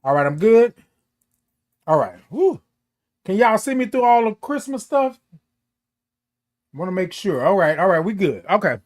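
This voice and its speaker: This playful, high-voiced morning show host livestreams from a home with Christmas decorations, the camera close to his face. His pitch swings widely, his pace is moderate with long pauses, and he drawls while greeting viewers by name in casual chat.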